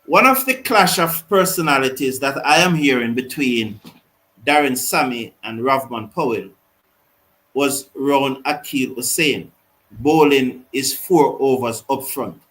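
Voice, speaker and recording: A man hosting a live cricket watch-along, mixing excited commentary with reading out viewer comments. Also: medium pitch, measured pace, rough recording.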